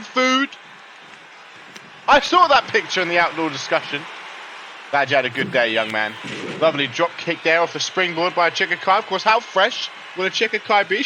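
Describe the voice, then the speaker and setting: A young man with a high voice commentates a wrestling game live on stream, chatting and greeting viewers between calls. He's on a laptop mic with music playing behind him, making the background noisy.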